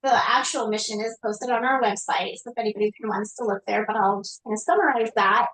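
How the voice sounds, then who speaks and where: A woman guest on a podcast talking conversationally about her work. Her voice sits somewhat high. She fills her pauses with frequent ums. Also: a bit bright, rough recording. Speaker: executive director of an association.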